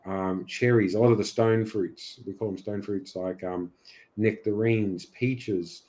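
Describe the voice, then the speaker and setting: An Australian man, a beekeeper being interviewed on a podcast, speaking casually and haltingly with many fillers. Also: lowish voice, steady tone, mellow. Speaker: beekeeper guest.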